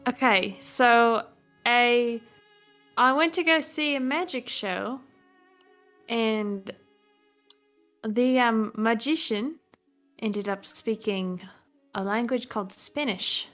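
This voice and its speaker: A woman playing in a tabletop game, telling jokes in a playful, halting way with fillers. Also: on the high side, a bit bright. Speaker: player. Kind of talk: casual chat in a tabletop game. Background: faint background music.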